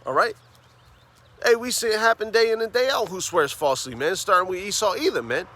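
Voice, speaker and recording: A man preaching on the street, fervent, tagging phrases with "man" and "all right?" and reading scripture slowly and emphatically. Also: high-pitched, lively intonation, background noise. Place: outdoors on a city street.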